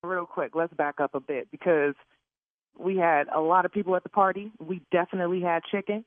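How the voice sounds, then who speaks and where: A woman on a phone call with a radio show who swears, shouts and laughs loudly. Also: on the low side, fairly even intonation, a little fast, no room sound. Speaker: prank call target. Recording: dry tinny phone line.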